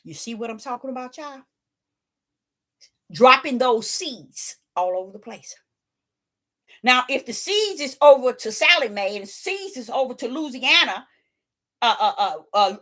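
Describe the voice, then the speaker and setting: A woman's voice: medium pitch, bright, forceful tone. A woman preaching informally, emphatic and rhetorical, with folksy dialect and phrases repeated for emphasis.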